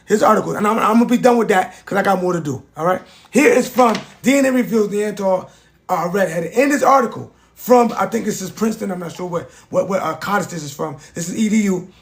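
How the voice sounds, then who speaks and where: A man in his forties with a fairly high voice hosts a live stream. He rambles, repeats himself and talks straight to the people in his chat. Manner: rambling, repetitive, addresses chat directly. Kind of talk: casual live stream monologue.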